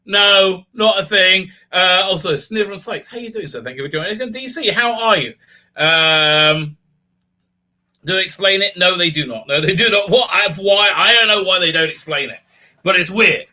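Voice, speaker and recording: A man with a high, very bright voice recaps an episode in a casual review. He rants sarcastically and animatedly, and he breaks into laughter often. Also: moderate pace. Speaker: video reviewer.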